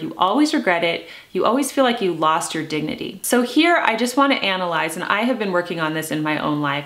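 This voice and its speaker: A woman in her thirties, a lifestyle vlogger talking to camera in a calm, earnest way, slowing down to stress her points. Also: lowish voice. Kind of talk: casual talk to camera.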